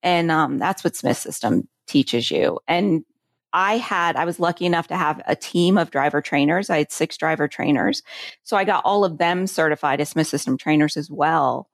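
A woman's voice: low-pitched, moderate pace, vocal fry, no echo, studio quality. A woman in her forties, a safety consultant telling work stories in a chatty interview, with lots of filler words. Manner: chatty, filler-heavy, animated storytelling. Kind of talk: casual interview conversation.

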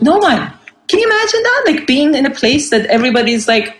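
A woman's voice: sits high, sing-song, quick pace, echoey room, slight background noise. A woman in her forties from Iran, a singer speaking earnestly in a casual interview with many fillers and restarts. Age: 40s. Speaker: guest singer. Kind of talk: casual conversation.

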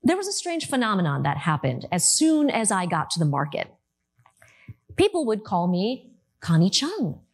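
A woman in her thirties from the United States giving a talk to an audience, telling her story in a lively, animated way. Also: medium pitch, normal speed, husky.

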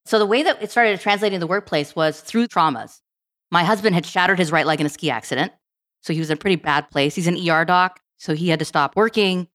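A woman guest on a podcast, telling stories in a casual, animated way and acting out bits of dialogue. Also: fairly low pitch. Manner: animated, quick, acts out dialogue. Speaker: podcast guest, tech program director. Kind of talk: casual storytelling.

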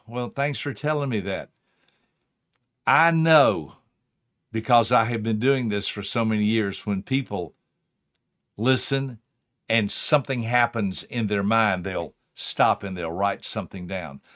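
A man's voice: fairly low pitch, a little slow, a bit bright. A middle-aged man hosting, giving an earnest motivational talk full of stories and pleading emphasis. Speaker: speaker and host.

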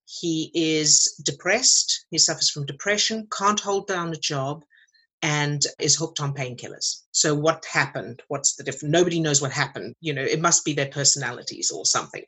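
A woman's voice: low voice, normal speed, bright, forceful tone, breathy edge, rough recording. A woman, a mindset coach, explaining her ideas through a step-by-step story in a podcast interview. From outside America, British English usage.

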